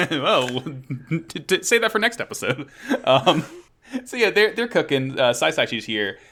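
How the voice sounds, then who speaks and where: A man's voice: a little high, measured pace, a little hiss or hum. A man co-hosting a podcast, recapping an anime with enthusiasm and frequent laughter. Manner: enthusiastic, animated, laughs often. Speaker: podcast co-host. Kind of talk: casual chat recapping an anime.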